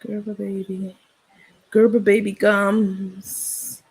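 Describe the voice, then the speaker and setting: A woman's voice: mid-range voice, level tone, slow pace, darkish tone, slightly rough. A woman hosting a casual livestream, talking bluntly and sassily, cursing freely and laughing often. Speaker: livestream host.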